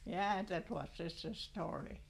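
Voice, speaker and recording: An elderly grandmother tells a traditional tale in a slow, halting manner. Her voice is gravelly and unhurried. A steady hiss runs under this old field recording. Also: on the low side. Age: older. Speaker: storyteller. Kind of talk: traditional storytelling and chanted song.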